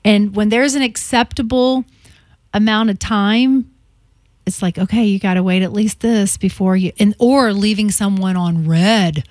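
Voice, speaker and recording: A woman co-hosting a morning radio show, telling animated stories with teasing asides and frequent laughter. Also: medium pitch, unhurried, no room sound, clean studio sound. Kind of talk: casual radio banter. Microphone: studio microphone.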